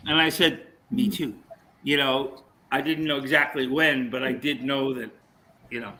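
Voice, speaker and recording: A man's voice: mid-range voice, moderate pace, a little hiss or hum, poor audio. A man telling a story in casual chat, acting out what people said to him. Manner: animated storyteller, acts out quotes.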